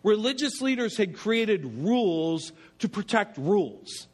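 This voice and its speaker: Male pastor, high voice, lively humorous sermon, rhetorical questions. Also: a little slow.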